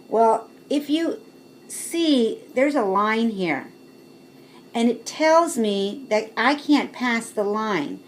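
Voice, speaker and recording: A woman's voice: mid-range voice, a little hiss or hum. A woman chatting casually to her camera as a vlogger, showing things with bowls and laughing often.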